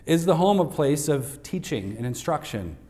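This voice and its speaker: A man's voice: on the high side, sing-song, normal speed, dark tone. Emphatic male pastor preaching a sermon. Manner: emphatic, repeats key points for note takers; light humor aimed at the congregation. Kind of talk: Father's Day sermon. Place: church sanctuary.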